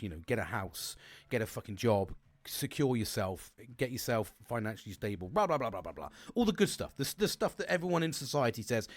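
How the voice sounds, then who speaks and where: A man's voice: mid-range voice, no echo. A young man, talking in a rambling, sweary, casual monologue full of restarts. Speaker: podcast host.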